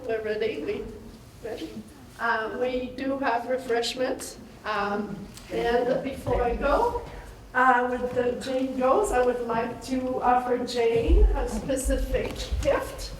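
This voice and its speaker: A woman organizer hosting a community event, speaking slowly and haltingly with many fillers. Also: fairly high pitch, a little hiss or hum. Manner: slow, hesitant, many fillers. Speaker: committee organizer. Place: town meeting hall. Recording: distant echoey hall.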